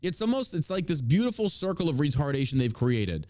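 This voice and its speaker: A man's voice: on the high side, very animated, a little fast, darkish tone, no room sound, studio quality. A man hosting a show, delivering profane, combative and mocking political commentary. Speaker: podcast host.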